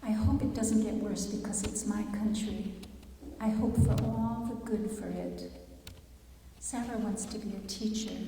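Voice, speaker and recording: A woman's voice: medium pitch, mellow, far from the mic, slight background noise. Earnest woman speaking in an echoey chapel. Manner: earnest, measured, with pauses and restarts. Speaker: speaker at a public talk. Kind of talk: reflective public talk reading quotes. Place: large chapel.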